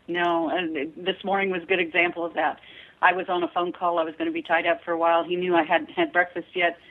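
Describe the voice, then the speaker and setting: A woman's voice: on the low side, creaky. A woman guest chatting in an interview, telling stories in a chatty way and laughing often. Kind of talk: casual interview chat. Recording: tinny phone line.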